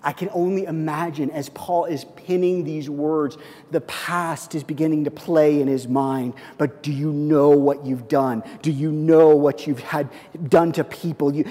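A middle-aged male pastor delivers a sermon in a church sanctuary, his voice sitting a little high for a man. He moves from loud, emphatic declarations down to near-whispered, intimate passages. The sound carries a long hall reverb.

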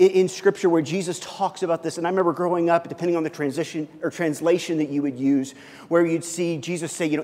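A pastor preaching a sermon, telling a personal story with many restarts and shifts from loud to hushed. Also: male voice, a little high, steady tone, quick pace, big-room sound.

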